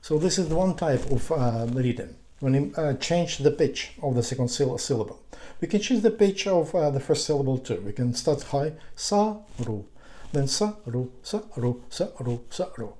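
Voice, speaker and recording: Halting teacher walking through a study method, mellow and dark in tone, mid pitch. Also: expressive. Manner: halting, often restarts and searches for words. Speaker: kanji teacher.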